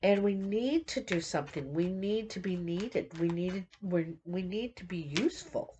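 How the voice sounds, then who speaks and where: A woman's voice: lowish voice, animated, measured pace, noisy background. A middle-aged woman giving an unscripted tarot reading, meandering with many fillers and restarts. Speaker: tarot reader.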